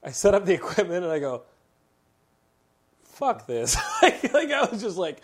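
A male podcast host chatting casually into a studio mic. His talk is animated storytelling, loose and full of fillers and laughs. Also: high-pitched, fast talker, breathy edge. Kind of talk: casual chat.

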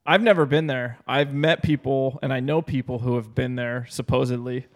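A man's voice: medium pitch, fairly even intonation, normal speed. A man co-hosting a casual podcast, rambling and giggling as he muses aloud. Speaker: podcast co-host.

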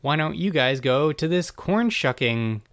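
A man voicing a sultry, flirty adult woman who hosts horror films, quoting her lines in a slowed, deliberate delivery while recapping an episode. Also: a little high, animated, fairly bright tone, voice pushed up. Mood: bossy.

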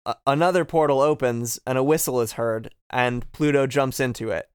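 A man's voice: mid-range voice, steady tone, moderate pace, smooth, no echo, studio quality. A man co-hosting a casual podcast, recapping a video game from his notes, joking and laughing often. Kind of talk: casual chat. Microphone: close podcast mic.

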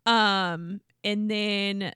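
A woman's voice: mid-range voice, extremely slow, clean tone, dry recording, studio quality. A woman co-hosting a podcast, chatting casually and acting out what people said in exaggerated voices. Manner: animated, acts out quotes in exaggerated voices. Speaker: podcast co-host. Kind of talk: casual chat recapping reality TV.

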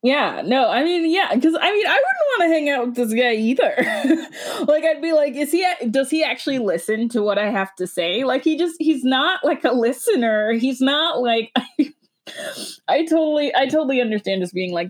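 A woman's voice: high voice, expressive, moderate pace. A woman in casual conversation, agreeing easily and adding jokey asides. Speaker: podcast co-host. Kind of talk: casual chat.

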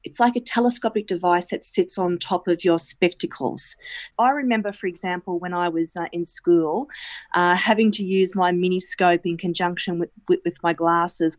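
A woman answering interview questions on a radio program, explaining at length with many pauses and restarts. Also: fairly low pitch, a little mellow, dry recording. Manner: hesitant, many ums and restarts.

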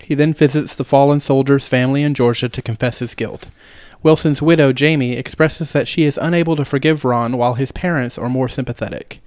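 A young man co-hosting a movie podcast, reading a plot summary in a steady way. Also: medium pitch, fairly quick, hardly any pauses, no room sound. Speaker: podcast co-host.

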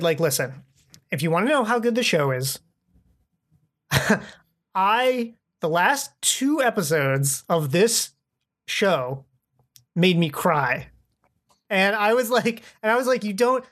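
A man's voice: sits high, a bit bright. A man chatting as a podcast guest, rambling and enthusiastic, often acting out what people said. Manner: rambling, enthusiastic, acts out quoted speech. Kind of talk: casual chat.

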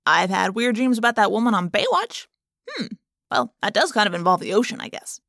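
A woman's voice: mid-range voice, big pitch swings, a little fast, gravelly, fairly bright tone, no room sound, clean studio sound, full character voice. A woman voicing a wisecracking, defensive teenage boy in a storybook reading. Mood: joking. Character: joking, defensive teen boy.

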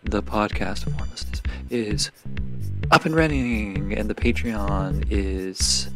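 A man hosting a podcast who talks in a rambling, excitable way and swears now and then. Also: fairly low pitch, takes it slowly. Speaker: podcast host. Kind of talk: casual monologue. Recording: music playing behind the voice. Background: music.

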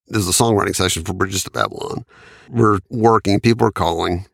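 A man's voice: low voice, fairly quick, vocal fry, a bit bright, husky, dry recording. A man, a studio engineer and producer telling anecdotes in an interview and laughing often. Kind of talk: storytelling in an interview.

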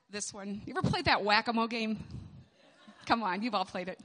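A woman with a bright, fairly high voice tells stories in an animated sermon and laughs often. She speaks into a stage microphone. A long reverb rings around her in the large hall. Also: normal speed. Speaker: speaker at a moms' gathering. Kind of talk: storytelling sermon.

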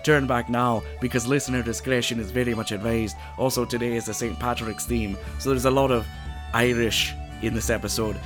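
A man's voice: mid-range voice, fairly even intonation, fairly quick, over music. A man hosting a podcast in casual banter, joking and self-mocking as he catches listeners up. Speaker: podcast host.

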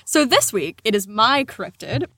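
A woman's voice: fairly high pitch, sing-song, a little slow, fairly bright tone, no echo. An American woman co-hosting a comedy podcast, chatting casually with a giggly, rambling, self-deprecating manner. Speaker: podcast co-host.

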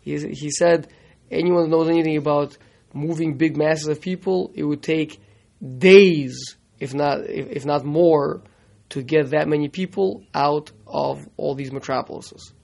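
Torah teacher, man, gravelly and slightly high voice, halting delivery with Hebrew phrases. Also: fairly even intonation, darkish tone. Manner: halting, repeats words, mixes in Hebrew terms. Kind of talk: classroom Torah lesson.

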